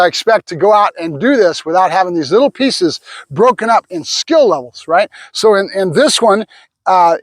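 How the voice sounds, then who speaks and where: High-voiced male dog trainer. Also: no echo. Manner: explains step by step, breaking off to give the dog short commands and praise. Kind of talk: casual training demonstration.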